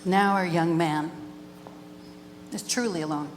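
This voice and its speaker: A woman storyteller telling a traditional tale live, with a gentle, rhythmic way of repeating her phrases. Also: lowish voice, fairly even intonation, measured pace, noisy background. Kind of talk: live oral storytelling over music. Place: live event. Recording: live with long reverb and background music.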